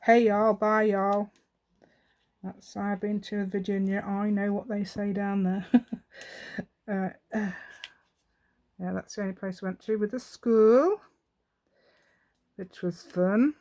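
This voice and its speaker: A woman's voice: medium pitch, fairly even intonation, takes it slowly, long pauses, mellow. An English woman hosting a craft tutorial, chatting casually with self-mocking, rambling asides and frequent laughs. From England. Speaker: craft channel host.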